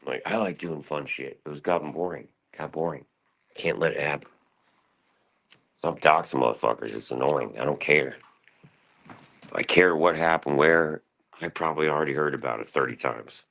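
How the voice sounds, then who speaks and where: A man's voice: normal speed, long pauses, a bit bright. A man talking in a rambling, profane monologue on his own stream, restless and jumping between thoughts. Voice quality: gravelly, very deep.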